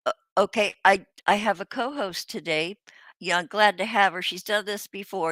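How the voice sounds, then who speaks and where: An older woman hosting a casual livestream chat, rambling and halting with many fillers, restarts and the odd swear word. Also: mid-range voice, fairly bright tone, dry recording. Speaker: host.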